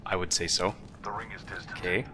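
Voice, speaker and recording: A man chatting casually while playing a game with friends, swearing and bursting into excited outbursts. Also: sits low, a little slow. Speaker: gamer. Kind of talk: casual gaming chat.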